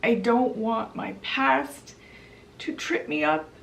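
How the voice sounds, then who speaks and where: A woman's voice: fairly high pitch, lively intonation, slow pace, creaky, distant mic, a little hiss or hum, heavily acted. A woman voicing a determined young heroine from a storybook, speaking earnestly and urgently.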